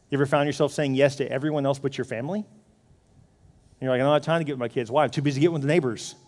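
A middle-aged man preaching a sermon in a lively, animated way, acting out his own inner voice. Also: on the high side. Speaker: pastor. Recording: long hall reverb.

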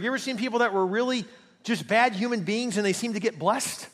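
A middle-aged man preaching a sermon as pastor, passionate, with big swings between loud, fast bursts and quiet, slow passages. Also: high voice. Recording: hall reverb.

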